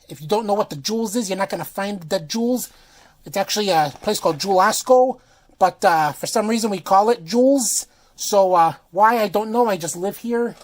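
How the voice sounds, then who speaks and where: A man's voice: high-pitched, natural voice. A man voicing a brash, crude male Chicago local in a put-on Chicago accent, rambling and griping about the city. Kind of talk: comic put-on accent bit.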